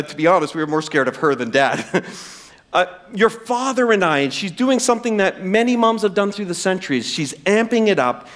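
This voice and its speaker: A male pastor preaching a sermon with humor, talking directly to the congregation. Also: a little high. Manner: animated, humorous, direct address.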